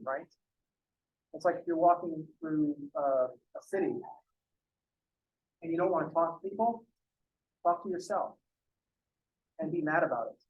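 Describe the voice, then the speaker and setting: A man's voice: a little high, lively intonation, moderate pace, long pauses, breathy edge, poor audio. A man teaching math in a casual recorded lecture, joking and swearing freely.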